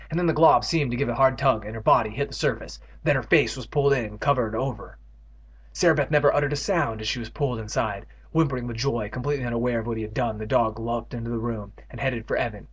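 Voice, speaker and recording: Husky man reading a book with sarcastic asides. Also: medium pitch. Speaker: comedic reader. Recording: dull lo-fi recording.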